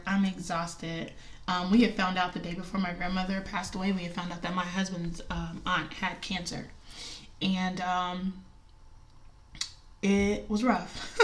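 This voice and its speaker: A woman's voice: mid-range voice, distant mic. A woman in her thirties telling a personal story in casual talk, chatty and emotional, with many fillers and frequent laughs.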